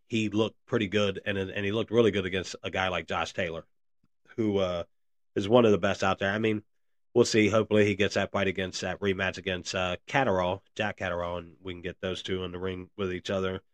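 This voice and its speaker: A man's voice: sits low, little pitch movement, fairly quick, dry recording. A man hosting a casual solo podcast, rambling with lots of fillers and calling his listeners "man" and "guys.". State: briefly out of breath. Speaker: podcast host.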